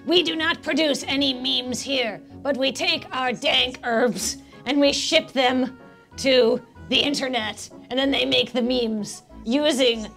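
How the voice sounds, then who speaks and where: An old bog crone envoy, played by a woman, who speaks in a grand, ceremonial way. Her voice sits a little high, with soft music faintly behind. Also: measured pace. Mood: grandly welcoming. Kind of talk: improv comedy role-play.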